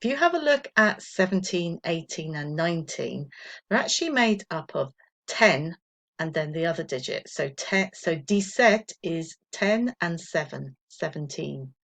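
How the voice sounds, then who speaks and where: A woman teaching a recorded French lesson to primary school children, patient and encouraging, counting slowly for pupils to repeat. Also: fairly low pitch, expressive, creaky, fairly bright tone.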